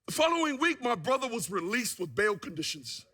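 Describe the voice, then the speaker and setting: Testimony speaker: man, very high and bright voice, lively storyteller. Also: brisk. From New Zealand. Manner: animated storyteller who acts out what people said. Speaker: guest speaker giving a testimony.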